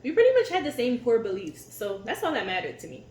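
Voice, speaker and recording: Animated woman telling stories, echoey room. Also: a little high, fast talker, a little hiss or hum. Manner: animated, laughs easily. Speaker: co-host of a couple's channel. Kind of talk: casual storytelling chat.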